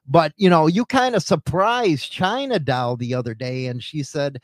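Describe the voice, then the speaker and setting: A man from Chicago hosting a casual radio show, loud, crude and rambling, swinging between shouting and mumbling. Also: on the high side, moderate pace, dry recording, clean studio sound.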